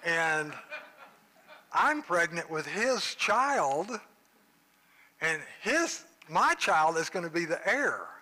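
A man's voice: on the high side, sing-song, slow, long pauses, sharp tone, full character voice. A man doing a smug young servant woman.

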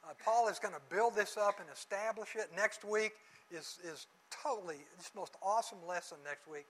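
A middle-aged man teaching a Bible lesson, telling lively stories with voices and jokes, closing in prayer. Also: high-pitched, moderate pace, low-quality recording.

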